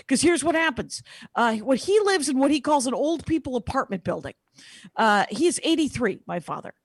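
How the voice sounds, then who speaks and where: Woman stand-up on a video call: high, animated voice, dry close sound, digressive and self-mocking. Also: dry recording. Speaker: stand-up comedian. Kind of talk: stand-up set on a live video stream.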